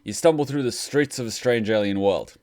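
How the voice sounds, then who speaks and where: A man's voice: lowish voice, brisk, darkish tone. A man hosting a game playthrough, reading the on-screen text aloud and chatting with viewers, stalling with fillers as he improvises voices. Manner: reads narration, then rambles and stalls while improvising voices. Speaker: let's play host. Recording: game music behind voice.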